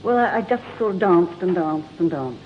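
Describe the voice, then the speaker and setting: A woman's voice: on the low side, animated, normal speed. An older woman from England, a guest on a talk show, telling stories in a chatty way and laughing often. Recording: dull lo-fi broadcast with faint hiss.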